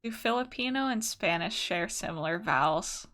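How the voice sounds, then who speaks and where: Chatty young woman streaming, lively voice. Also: mid-range voice, normal speed. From United States. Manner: chatty and profane, answering chat. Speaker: art streamer. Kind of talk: casual live-stream chat.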